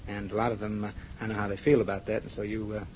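A man hosting a live radio show, chatting with a guest and reading sponsor gifts in a brisk, chatty manner. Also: on the low side, little pitch movement, darkish tone. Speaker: radio host. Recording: dull 1950s radio broadcast with faint hiss.

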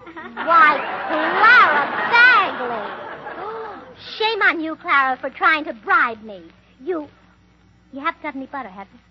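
A woman's voice: high-pitched, expressive, moderate pace, some chatter behind. A woman playing a scatterbrained, chirpy character in a 1940s radio comedy, with a sing-song way of talking. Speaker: comedian and co-host. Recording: dull 1940s radio broadcast with studio audience and hiss.

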